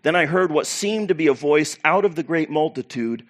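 A pastor preaching to his church, animated and preacherly, with loud bursts and quiet asides. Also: a little high, moderate pace. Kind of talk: sermon.

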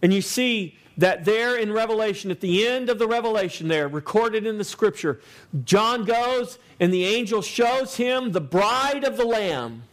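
High-voiced emphatic male preacher. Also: lively intonation, normal speed. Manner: emphatic, repetitive preaching cadence. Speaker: pastor. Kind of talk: sermon.

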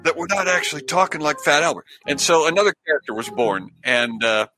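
A man's voice: on the high side, a little fast, bright, forceful tone, faint music behind, poor audio. A man co-hosting a live comedy stream, chatting and laughing in a playful way. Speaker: comedy show co-host. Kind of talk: casual live-stream banter.

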